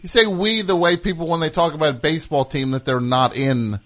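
A man's voice: on the high side, fairly quick, a bit bright. A man hosting a radio show, bantering in a sarcastic, combative way with guests and callers. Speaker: host.

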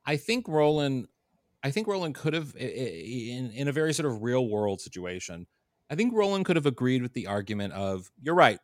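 A man's voice: mid-range voice, sing-song, normal speed, darkish tone, dry recording, clean studio sound. A man in his forties co-hosting a casual chat, talking in a loose, repetitive way as he thinks aloud. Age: 40s. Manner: chatty, stammers and repeats words while thinking. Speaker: podcast co-host.

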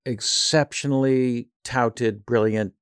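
A man's voice: medium pitch, fairly even intonation, slow, smooth, no echo, studio quality. A male actor and impressionist telling rambling, self-deprecating stories in a casual interview.

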